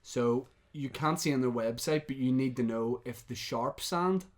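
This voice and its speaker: A man co-hosting a podcast, calmly briefing his partner for a prank call with dry jokes. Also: medium pitch. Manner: deliberate, joking, setting up a prank. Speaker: podcast co-host. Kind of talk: casual chat.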